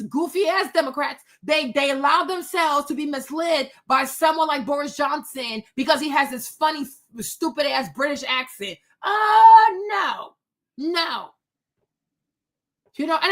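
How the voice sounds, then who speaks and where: A woman's voice: sits high, fairly bright tone. A woman hosting her own political commentary, blunt, sassy and profane, scolding the people she talks about. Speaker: commentary host.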